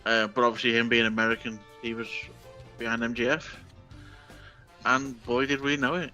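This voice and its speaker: A man from the UK co-hosting a podcast, sharing relaxed anecdotes in casual chat. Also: medium pitch, normal speed, soft background music. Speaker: podcast co-host.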